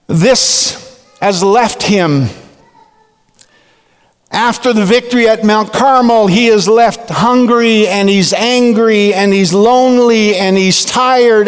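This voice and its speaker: A man preaching a sermon in a slow, deliberate way with dramatic pauses. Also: high-pitched, smooth. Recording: long reverb of a large hall.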